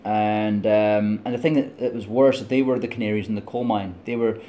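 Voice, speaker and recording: Rambling low-voiced Scottish man. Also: fairly even intonation, moderate pace, mellow, dull audio, a little hiss or hum. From Scotland. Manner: digressive, laughs often, tipsy and chatty. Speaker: vlogger. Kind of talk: rambling opinion monologue.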